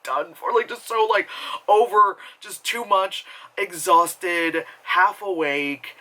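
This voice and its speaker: A man rambles through a casual movie review from home, voice bright and a touch high. He swears freely, trails off mid-thought, and laughs at his own tangents. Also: takes it slowly, low-quality recording. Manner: rambling, profane, self-mocking with frequent laughs.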